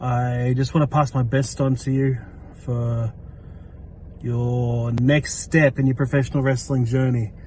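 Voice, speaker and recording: A podcast regular recording an earnest, encouraging farewell message. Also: male voice, mid-range voice, little pitch movement, unhurried, a little mellow, slight background noise.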